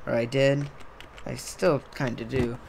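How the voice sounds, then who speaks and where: A man's voice: mid-range voice, level tone, unhurried, vocal fry, darkish tone. Rambling young man with faint hiss. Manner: rambling, trailing off, self-interrupting. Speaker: podcast host. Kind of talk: rambling casual monologue.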